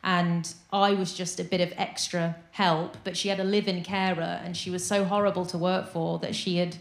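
A woman's voice: lowish voice, flat delivery, normal speed, vocal fry, roomy sound. Rambling woman telling a story. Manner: rambling, self-deprecating storytelling. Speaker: sketch comedian guest. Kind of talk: anecdotal interview chat.

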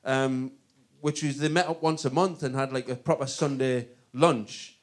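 A man's voice: medium pitch, fairly even intonation, normal speed. A man with a Northern English accent telling rambling comic anecdotes in a casual chat, often breaking into laughter. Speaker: comedian guest.

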